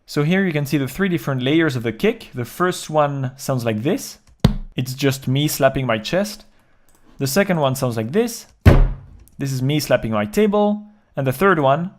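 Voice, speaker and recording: A man explaining step by step how he produced a track in his home studio, in a calm, even way. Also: mid-range voice, noisy background. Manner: calm step-by-step walkthrough, counting beats aloud. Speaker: music producer. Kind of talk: explaining a music production process.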